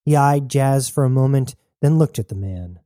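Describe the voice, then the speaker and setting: An audiobook narrator reads a scripted science fiction story in an even storytelling manner. His voice is medium-pitched and his pace normal, captured in a dry, clean studio recording.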